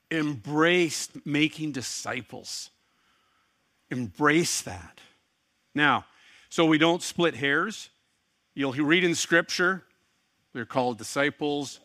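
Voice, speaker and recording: A man's voice: medium pitch, pushed and bright, dry recording. A middle-aged man preaching a sermon, telling a personal story with earnest, wry asides. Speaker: pastor.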